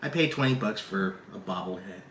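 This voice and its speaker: A man's voice: low voice, brisk, roomy sound, slight background noise. A man co-hosting a podcast, telling a story in casual chat and acting out other people's lines in a raised voice. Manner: animated, profane, acts out quotes in raised voice. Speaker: podcast co-host.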